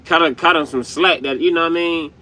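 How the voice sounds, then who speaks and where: A man's voice: on the high side, a little fast, sharp tone, a little hiss or hum. A man hosting his own show, reacting to clips in loose slangy talk with many fillers. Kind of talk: casual commentary.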